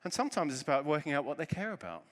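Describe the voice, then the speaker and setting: A man's voice: a little high, racing. Man telling a story on a stage, long hall reverb. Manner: animated, self-deprecating storytelling. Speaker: conference speaker. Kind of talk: conference keynote talk.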